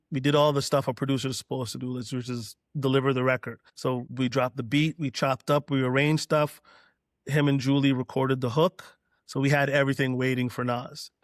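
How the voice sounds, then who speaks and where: A middle-aged Canadian man, a DJ and producer, has a mid-range voice recorded with clean studio sound and no room sound. As a guest on a casual podcast, he relaxes into a long anecdote, acting out what other people said.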